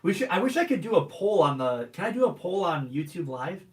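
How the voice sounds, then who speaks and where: A man's voice: sits high, big pitch swings, brisk, recorded from a distance. A man hosting a live stream Q&A, upbeat and calling out greetings to viewers from many places. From United States. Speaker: host. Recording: roomy echo, off-mic.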